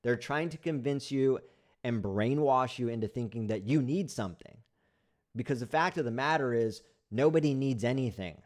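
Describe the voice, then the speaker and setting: On his casual live stream, a man answers chat and bluntly critiques various sayings, circling back on himself with plenty of fillers and restarts. His voice is medium-pitched and a little mellow, at a moderate pace.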